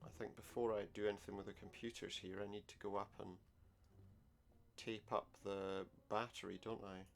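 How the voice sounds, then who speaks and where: A man's voice: fairly low pitch, level tone, normal speed, vocal fry. A man playing through an adventure game, commenting wryly and reading the dialogue aloud. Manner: wry, sarcastic asides. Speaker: let's play gamer.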